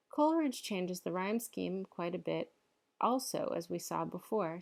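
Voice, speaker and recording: Woman lecturer going through poetry slides, lowish gravelly voice, reads lines out in rhythm. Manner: explanatory, reads verse aloud in rhythm. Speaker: literature lecturer. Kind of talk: recorded lecture over slides.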